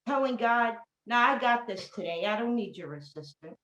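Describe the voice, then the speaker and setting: A woman's voice: fairly high pitch, lively intonation, normal speed, a bit bright, lo-fi sound. Woman, New York accent, heartfelt rhythmic slam poetry, echoey room. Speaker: poet in recovery. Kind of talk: spoken word poetry reading. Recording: roomy echo.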